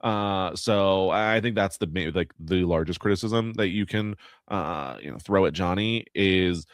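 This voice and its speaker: A man with a fairly low voice co-hosts a podcast in easy, casual chat. He laughs often and slips into mock voices when quoting people. The sound is dry and close. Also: unhurried, no echo. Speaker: podcast co-host.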